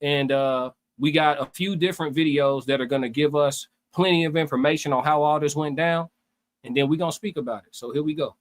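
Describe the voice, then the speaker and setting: A man's voice: on the high side, fairly even intonation, a little fast. A man co-hosting a livestream, chatting casually in slang and reading viewer comments aloud. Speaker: livestream co-host.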